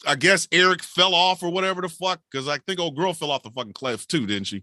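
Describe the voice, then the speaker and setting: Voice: medium pitch, fast talker, no echo, clean studio sound. A podcast co-host recapping a film in a loose, profane, mock-outraged chat. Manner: animated, swearing, mock-outraged.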